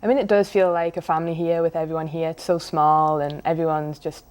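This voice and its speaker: Low-voiced young Englishwoman, interview guest. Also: little pitch movement, brisk, a little mellow. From England. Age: young adult. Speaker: college golfer, guest.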